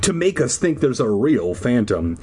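A man voicing a frightened teenage girl in a mocking, exaggerated high girly voice. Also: sing-song, moderate pace, mellow, husky. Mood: accusing. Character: whiny teenage girl, frightened narrator heroine.

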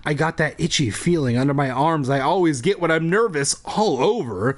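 A man's voice: a little high, moderate pace. A man hosting a comedy podcast, reading a kids' horror book aloud with crude, joking asides. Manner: animated, swings from mock-spooky narration to crude jokes.

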